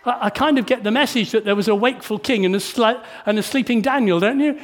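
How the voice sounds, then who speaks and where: Fast and high-voiced, a male preacher gives a church sermon, questioning the congregation rhetorically with tag questions and swinging between soft and emphatic speech.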